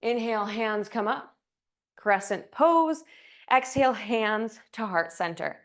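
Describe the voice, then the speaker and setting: Yoga teacher, woman, on the higher side, jokey and chatty between cues, a bit winded. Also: animated, takes it slowly. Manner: playful, chatty, jokey asides. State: slightly out of breath. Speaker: yoga instructor. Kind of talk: guided yoga class cues. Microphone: clip-on mic, sometimes moved off.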